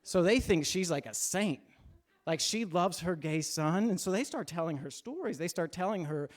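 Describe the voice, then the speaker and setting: A man's voice: high voice, expressive, moderate pace. A man in his forties telling a true personal story on stage at a live storytelling event, candid and earnest, with wry self-deprecating touches.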